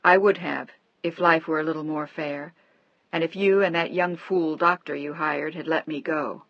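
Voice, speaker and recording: A woman doing a frail old husband, weary and soft. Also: low-pitched, fairly even intonation, normal speed, no echo, lo-fi sound. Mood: weary tender. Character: frail elderly bedridden husband, tender, wry.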